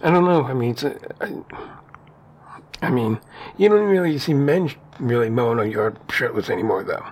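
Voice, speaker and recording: A man's voice: mid-range voice, animated, moderate pace, a little mellow, breathy edge. Chatty, rambling podcast man. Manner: chatty, laughs often, rambling. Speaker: podcast co-host. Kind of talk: casual conversation.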